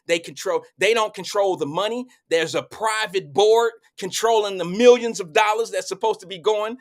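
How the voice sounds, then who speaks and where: Man, middle-aged, live talk show host, animated, preachy, colloquial, somewhat high voice.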